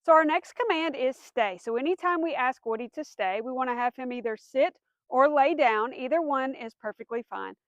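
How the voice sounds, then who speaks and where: High-voiced woman dog trainer explaining. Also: normal speed, few pauses, dry recording, dull audio. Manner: clear step-by-step explaining, firm commands to a dog. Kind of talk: instructional demonstration.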